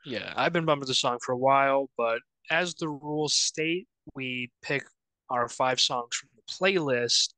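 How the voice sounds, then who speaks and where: Man from Wyoming, bright forceful voice, dry close sound, casual music chat, laughs a lot. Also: medium pitch, measured pace, no room sound, low-quality recording. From Wyoming, United States. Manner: animated, laughs often, trails off and restarts. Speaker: podcast co-host presenting songs.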